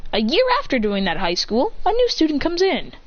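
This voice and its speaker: A young woman casually telling a fan story with restarts, slipping into quick character voices, on a dull lo-fi recording. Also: high voice, huge pitch swings, dry recording.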